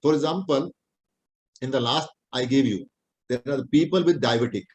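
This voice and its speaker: A man's voice: mid-range voice, normal speed, darkish tone, poor audio. A middle-aged man with an Indian accent, a homeopathic doctor teaching a class in plain, repetitive English. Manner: plain-spoken, repetitive explaining, non-native English phrasing. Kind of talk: lecture.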